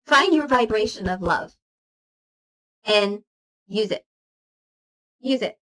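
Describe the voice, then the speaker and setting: A woman's voice: mid-range voice, lively intonation, takes it slowly, fairly bright tone. A woman giving a motivational spiritual talk as a spiritual teacher, earnestly reciting long lists of affirmations.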